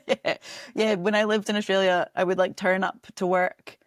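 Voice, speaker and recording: A woman's voice: medium pitch, little pitch movement, normal speed, no echo, studio quality. A young Scottish woman chatting casually on a podcast as a guest, laughing often and filling her talk with "like". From Scotland. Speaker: comedy director and promoter, guest.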